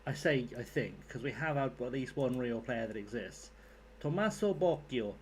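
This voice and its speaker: A young man chatting casually to viewers while he streams a game. He rambles and jokes, swearing freely, in a voice of middling pitch. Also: lively intonation, normal speed, a little hiss or hum. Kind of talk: casual live-stream chat.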